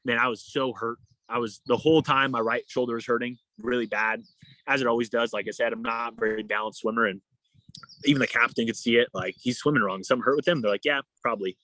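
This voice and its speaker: A young man talks in a relaxed, casual way as a podcast guest, jumping into the voices of the people in his story as he goes. His voice sits at an ordinary pitch. The sound is dry and close to the mic. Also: fast talker, no room sound. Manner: animated, acts out quoted dialogue. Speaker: guest, endurance athlete.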